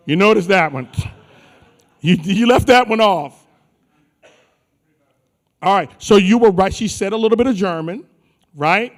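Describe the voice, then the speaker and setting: On stage in a large conference hall, a male emcee teases the crowd in a playful, slangy manner, joking with the audience. His voice is high, his pace measured with long pauses, and the live hall adds long reverb.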